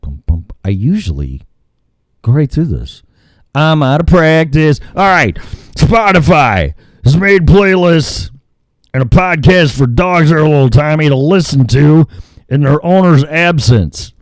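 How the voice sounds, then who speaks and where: Slow, lively-voiced crude talk host. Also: male voice, fairly high pitch, no room sound, studio quality. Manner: crude, rambling, sings filler noises. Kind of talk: casual ad-libbed radio talk.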